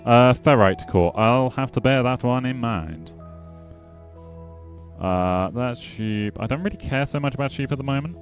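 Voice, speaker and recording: A man's voice: medium pitch, lively intonation, measured pace, soft background music. A man giving casual, rambling gameplay commentary as a streamer, chatting back to his viewers with playful jabs. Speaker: gaming streamer.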